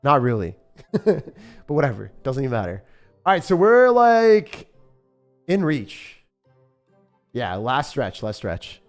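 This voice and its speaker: A young man commentating his own live game stream in a jokey, excitable way, bursting into shouts and laughter. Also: medium pitch, measured pace, long pauses, faint music behind. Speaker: gaming streamer.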